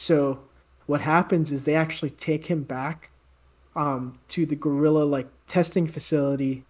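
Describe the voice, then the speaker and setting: A man's voice: a little high, fairly even intonation, normal speed. Man rambling over tinny audio. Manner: rambling, many fillers and restarts. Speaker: podcast co-host. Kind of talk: casual chat, improvised story.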